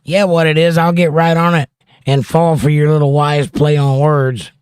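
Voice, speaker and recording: A man's voice: a little high, level tone, normal speed, clear, resonant tone, no room sound, studio quality. Laid-back man reading chat aloud. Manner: reads viewer comments aloud and riffs on them. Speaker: livestream host reading chat. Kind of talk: casual livestream chat.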